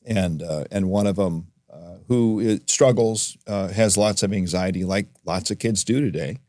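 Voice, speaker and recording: A man's voice: low voice, moderate pace, darkish tone, no echo, studio quality. A man who owns a gymnastics gym, talking thoughtfully as a guest on a podcast with frequent fillers. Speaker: gym owner and gymnastics coach. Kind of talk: casual interview conversation.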